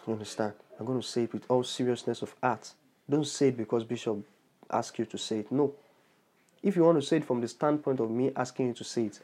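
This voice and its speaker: In a dark-toned, mid-range voice, a bishop preaches a podcast sermon that ends in an altar call. He guides listeners through prayer with earnest repetition of phrases and bursts of praise.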